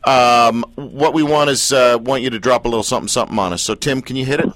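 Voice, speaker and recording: A man's voice: medium pitch, quick pace, a bit bright, no echo. A male radio show host interviewing a guest in a joking, teasing way, laughing often.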